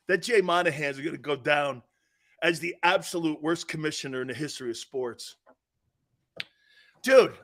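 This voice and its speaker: Loud, animated sports radio host. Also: male voice, on the high side. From Northeastern US. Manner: loud, profane, laughs at his own stories. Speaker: sports talk show host. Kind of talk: animated sports talk storytelling.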